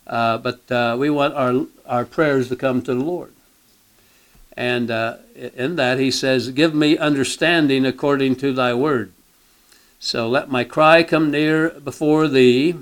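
Male Bible teacher, halting delivery, frequent throat clearing, emphatic scripture reading. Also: medium pitch, fairly even intonation, poor audio. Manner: reads scripture aloud with emphasis.

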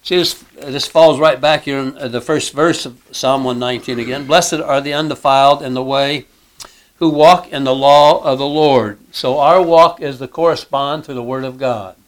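Male Bible teacher, halting delivery, frequent throat clearing, emphatic scripture reading. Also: medium pitch, steady tone, rough recording. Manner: reads scripture aloud with emphasis.

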